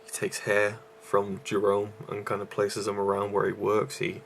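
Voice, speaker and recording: Breathless man with a low, gravelly voice. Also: completely flat delivery, moderate pace, slight background noise. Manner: rambling, with many fillers and restarts. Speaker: YouTube movie reviewer. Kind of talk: casual vlog review.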